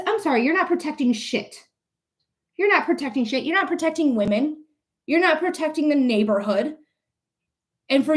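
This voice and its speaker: A young woman livestreaming as a psychic reader, ranting angrily and profanely while answering her chat viewers. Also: sits high. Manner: angry, profane, addresses chat viewers by name. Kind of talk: live-stream chat and rant.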